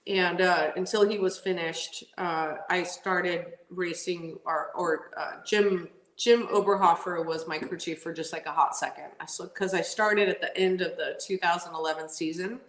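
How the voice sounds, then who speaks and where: Animated woman telling racing stories. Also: lowish voice, moderate pace, hardly any pauses. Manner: animated, laughs often, lots of "like" fillers. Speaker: drag racing driver, podcast guest. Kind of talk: casual storytelling interview. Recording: roomy echo.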